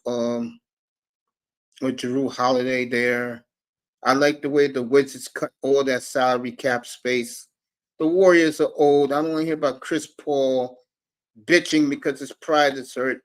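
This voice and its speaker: A man hosting a live sports talk stream, brash and profane, calling out chat viewers by name. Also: medium pitch. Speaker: sports talk show host.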